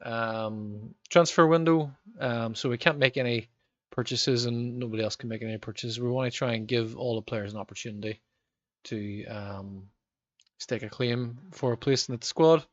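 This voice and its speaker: Northern Irish streamer, thirties, rambling with lots of ums, dry dull-sounding mic. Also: male voice, mid-range voice, fairly even intonation, moderate pace, no echo. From Northern Ireland. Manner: rambling, frequent ums, reacts to match events. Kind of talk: live gameplay commentary with chat.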